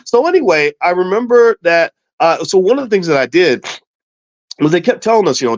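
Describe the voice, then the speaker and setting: A man from Kentucky telling a travel story as a finance show host, animated and stumbling over restarts, acting out what people said. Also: high-pitched, a little fast, no room sound. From Louisville, Kentucky. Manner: animated, repeats words and restarts, acts out quotes. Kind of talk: casual storytelling with money advice. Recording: dull, slightly lo-fi dry sound.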